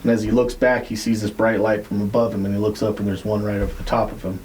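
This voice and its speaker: A man with a lowish, mellow voice recounts a story in loose podcast chat. He rambles, swears casually and leans on "like" and "uh" as he goes. A faint hiss sits under the voice. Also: little pitch movement, fast, rough recording. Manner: rambling, profane, many fillers. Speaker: podcast co-host.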